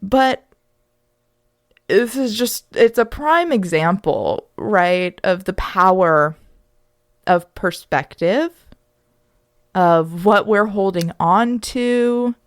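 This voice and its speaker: A young woman hosting a podcast, telling a candid personal story in a reflective, animated way. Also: medium pitch, very slow, long pauses, dry recording, studio quality. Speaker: podcast host.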